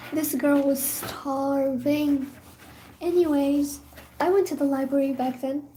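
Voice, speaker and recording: Young woman, non-native English, high mellow voice, chatty rambling storyteller with whispered asides. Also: slight background noise. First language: not English. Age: young adult. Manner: rambling, animated, dips into whispers. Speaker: university student vlogger. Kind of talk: casual storytime chat.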